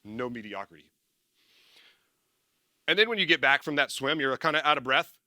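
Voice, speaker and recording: Energetic man with a bright, dry voice. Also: on the high side, fast, no room sound. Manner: energetic, rambling, self-correcting, laughs at himself. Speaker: former military speaker and success coach. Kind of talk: casual motivational talk to an audience.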